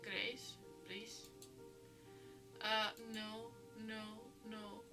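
A woman's voice: medium pitch, little pitch movement, extremely slow, far from the mic, music in the background. A young woman from the Czech Republic, chatting and thinking aloud as she plays a game. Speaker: let's play host. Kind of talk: casual game commentary.

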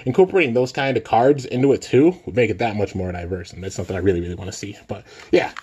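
A young man hosting a casual toy unboxing vlog, excitable and filling his talk with "man" and "dude". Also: on the low side, rapid-fire, slightly rough. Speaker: toy reviewer and channel host.

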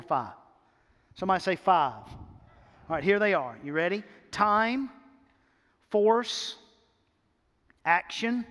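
A man with a high voice preaches slowly from a church stage, stretching out his phrases. He leans into each point and repeats words as he builds toward it. The sound rings with the long reverb of a large hall. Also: fairly bright tone. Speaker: pastor. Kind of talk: sermon. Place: church sanctuary.

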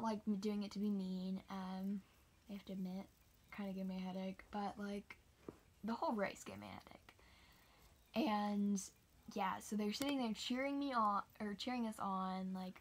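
Chatty husky teenage girl. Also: mid-range voice. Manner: chatty and rambling, many fillers and soft whispered asides. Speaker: vlogger. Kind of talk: casual storytime.

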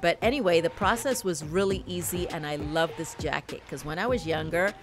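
A woman's voice: fairly low pitch, a little fast, over music. A middle-aged woman vlogging a fashion haul in casual chat, laughing often and talking straight to her viewers.

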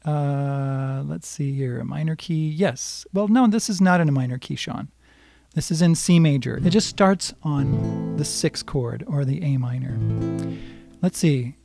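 A man's voice: a little high, measured pace, creaky, warm tone. A man teaching a live-streamed guitar lesson, explaining music theory patiently and singing bits of the melody. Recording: guitar playing behind voice.

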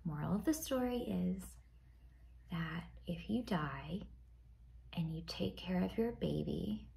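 A woman's voice: lowish voice, slow pace, gravelly, warm tone. A young woman casually telling a ghost story while doing her makeup, often dropping to a whisper. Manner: chatty, often drops to a whisper.

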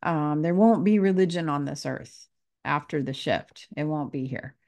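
A woman giving an earnest, casual spiritual talk, repeating phrases and pausing with fillers as she grows emotional. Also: deep voice, darkish tone. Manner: earnest, emotional, pauses to collect herself. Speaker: spiritual teacher.

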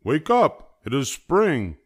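An older man voicing an eager, cheerful male frog in a storybook read-aloud, calling out excitedly to his friend. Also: on the low side, a little slow.

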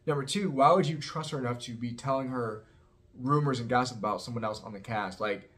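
Male vlogger recapping reality TV: rapid, sassy, gossipy, mid-pitched voice. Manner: sassy, animated, heavy use of "like" and "girl". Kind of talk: casual opinionated recap.

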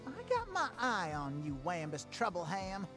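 An actor voicing a fussy, suspicious creature in a video game who looks after the town's bug snacks. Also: female voice, mid-range voice, huge pitch swings, normal speed. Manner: wary, fretful. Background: game music.

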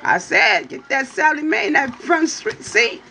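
Brief: high-pitched woman hosting a chatty livestream, playful and teasing, with a faint hum behind her. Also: expressive, unhurried. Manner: playful, teasing, keeps asking "you hear me?"; drawling, swoops into high exclamations. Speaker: livestream host reading for viewers. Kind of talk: casual livestream chat with viewers.

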